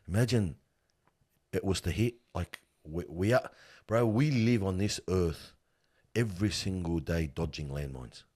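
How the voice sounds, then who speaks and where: A man's voice: low-pitched, measured pace, darkish tone, slightly rough. A middle-aged man who works in funerals, telling heartfelt stories in an earnest, emphatic and slangy way, calling his listener "bro". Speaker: funeral worker and guest. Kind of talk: heartfelt conversational storytelling.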